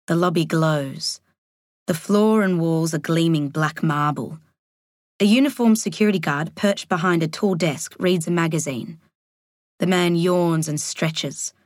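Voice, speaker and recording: A woman narrating a thriller audiobook in a measured, deliberate way. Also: fairly low pitch, no room sound, studio quality. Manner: measured, slowing on tense moments.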